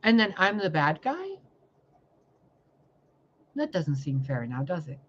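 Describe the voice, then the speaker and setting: A woman's voice: fairly low pitch, sing-song, slow pace, a little hiss or hum. Woman going off in a spiritual rant, swears a lot, fiery and in your face, kinda dull lo-fi audio. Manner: fiery, confrontational, heavy swearing, rhetorical questions. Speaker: tarot reader and spiritual channel host. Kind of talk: impassioned spiritual monologue.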